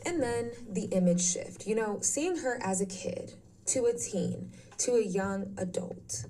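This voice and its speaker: Distant, mellow woman narrating a video essay. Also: mid-range voice, animated, slight background noise. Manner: measured, explanatory. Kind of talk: scripted narration. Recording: distant playback through stream.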